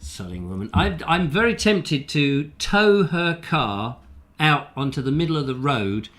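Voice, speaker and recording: A man's voice: a little high, unhurried, fairly bright tone. Rambling man hosting a chat show. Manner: rambling, jokey, wry. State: recovering from a cold. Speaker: show host. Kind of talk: casual live-stream chat.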